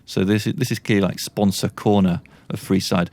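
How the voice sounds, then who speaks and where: A British man talking through a video game in a casual, rambling way. His voice is lowish and gravelly, and he laughs at his own awkwardness. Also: fairly even intonation, fairly quick, hardly any pauses, darkish tone. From Britain. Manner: awkward, self-deprecating, rambling. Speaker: let's play host. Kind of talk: casual gameplay commentary.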